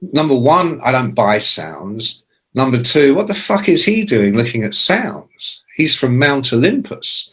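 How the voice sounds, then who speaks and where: Animated storyteller, man in his 60s. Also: medium pitch, unhurried, husky. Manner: lively, profane, acts out quoted voices. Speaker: interview guest, rock journalist. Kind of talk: anecdotal storytelling in a podcast interview.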